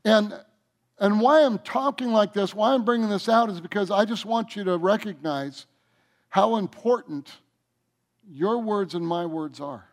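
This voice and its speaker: Slow, emphatic preaching man. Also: sits high. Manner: emphatic preaching, slows down to stress points, drops soft at phrase ends. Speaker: pastor. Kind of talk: sermon.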